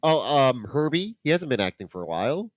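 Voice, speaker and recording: A man's voice: mid-range voice, a little fast, no echo. A man co-hosting a movie podcast, casually riffing and tossing out jokes. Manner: joking, riffing with deadpan gags. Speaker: podcast co-host.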